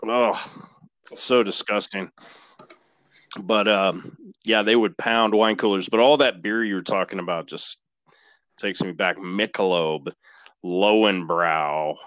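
A man being interviewed as a guest on a podcast, reminiscing in a relaxed way and swearing casually. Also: low voice, no echo. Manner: laid-back, drawn-out, swears casually. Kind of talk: casual chat.

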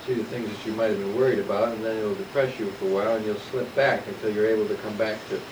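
A man's voice: on the low side, fairly even intonation, fast talker, noisy background. Distant male voice in an echoey room. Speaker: audience member. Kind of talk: question from the floor.

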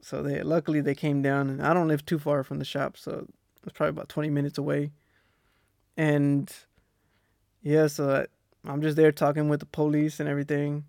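A young man with a Texan accent tells a personal story in a loose, rambling podcast monologue. His voice is gravelly and sits a little high for a man. He laughs easily, and the close mic sounds dry. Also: fairly quick, no echo. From Texas. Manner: relaxed, rambling, laughs often. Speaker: podcast host. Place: Australia.

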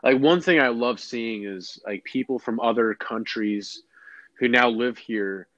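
A man's voice: medium pitch, a little slow, a bit bright, no echo, dull audio. A young American man rambling in a casual chat, full of fillers and restarts.

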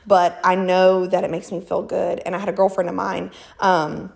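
A woman's voice: on the low side, little pitch movement, moderate pace, gravelly, a little mellow. A woman speaking as an interview guest, emphatic and faith-filled, slightly out of breath. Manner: emphatic, faith-filled, acts out quoted voices. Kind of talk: casual conversational interview.

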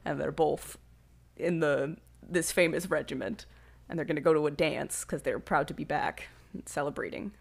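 A woman with a somewhat low voice co-hosts a casual podcast. She retells a film plot in lively storytelling, slipping into quick impressions of the characters as she goes. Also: vocal fry. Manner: animated storytelling, acting out characters' lines. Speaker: podcast co-host. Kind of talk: casual film recap chat.

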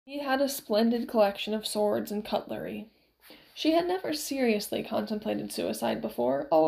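Female audiobook narrator, measured, slightly high, gravelly tone. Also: a little mellow. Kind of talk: reading a novel aloud.

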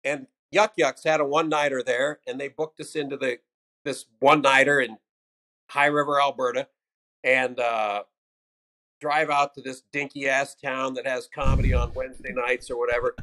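A man's voice: mid-range voice, normal speed. An older American stand-up comedian telling loose, salty stories from his career in a casual interview. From United States. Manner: loose, profane anecdotes with animated quoted voices.

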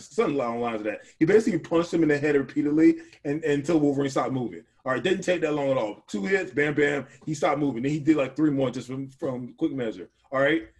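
Animated male podcast co-host. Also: a little high, fast, few pauses. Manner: animated, talks over partner, frequent restarts. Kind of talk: casual chat.

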